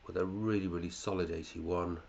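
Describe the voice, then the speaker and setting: Deep gravelly man, casual chat. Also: steady tone, a little fast, darkish tone, dull audio, slight background noise. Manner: chatty, muttering asides, swears casually. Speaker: fantasy football podcast host. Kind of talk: casual chat reviewing listeners' teams.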